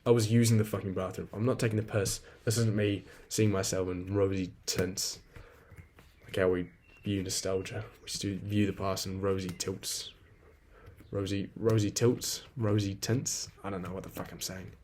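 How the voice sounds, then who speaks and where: Young guy in his 20s hosting a solo podcast, low-pitched, loose and profane, rambling and venting. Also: flat delivery, normal speed, darkish tone, slight background noise. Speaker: podcast host. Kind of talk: casual solo podcast monologue.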